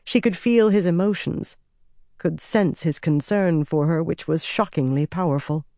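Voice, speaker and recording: A man narrating a fantasy audiobook in an even, measured storytelling voice. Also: a little high, creaky, dry recording, clean studio sound.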